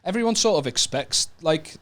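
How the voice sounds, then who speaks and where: A man's voice: fairly high pitch, animated, normal speed, a bit bright. A man with a Northern English accent co-hosting a podcast, full of swearing, jokey banter. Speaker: podcast co-host. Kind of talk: casual chat.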